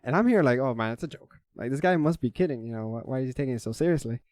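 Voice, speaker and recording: A man's voice: medium pitch, lively intonation, racing, a little mellow, dry recording. A young man ranting casually about a bad online game, heated and swearing, with lots of restarts. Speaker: vlogger. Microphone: desk microphone.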